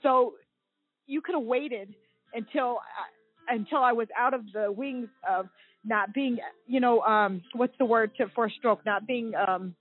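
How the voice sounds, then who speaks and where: A woman in her forties from the United States, a guest telling her own story on a talk show, emotional and halting with many fillers and restarts. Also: a little high, faint music behind. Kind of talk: personal account on a talk show. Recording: tinny phone line.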